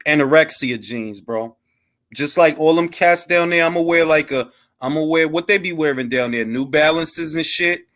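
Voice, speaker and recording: High-voiced man in slangy boxing banter. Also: a bit bright. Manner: loose, joking, slangy banter. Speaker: boxing talk show host. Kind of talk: casual live-stream chat.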